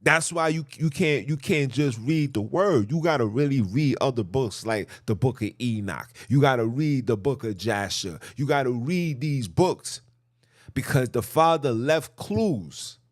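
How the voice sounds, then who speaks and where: Animated preachy podcast man, lively pitch. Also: a little slow, no room sound, clean studio sound. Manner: animated, preachy, repeats himself for emphasis. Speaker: podcast host. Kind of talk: impassioned religious monologue.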